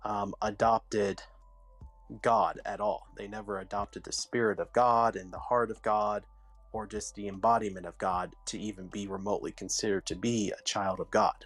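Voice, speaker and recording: A man's voice: on the low side, fairly even intonation, moderate pace, faint music behind. A man in a casual spiritual chat, explaining his view earnestly and carefully.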